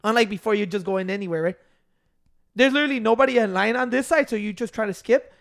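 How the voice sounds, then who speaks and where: In casual chat, a man with a fast, gravelly voice that sits high and a bit bright rants and tells stories, swearing heavily and acting out what people said.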